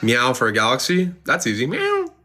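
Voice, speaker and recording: Expressive and a little high in pitch, this livestreamer keeps a moderate pace as he reads viewer messages and answers them with sarcastic humor and frequent swearing. Music is clearly audible behind him.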